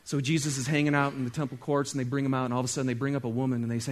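A male pastor preaching a sermon, talking straight to his congregation and swinging between loud exclaiming and soft, hushed stretches. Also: medium pitch, level tone, racing. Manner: conversational, talks straight to the congregation.

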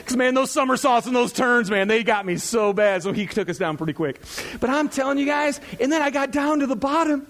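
A man in his thirties, a pastor, preaching in a chatty, animated storytelling way to his congregation. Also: very high voice, brisk.

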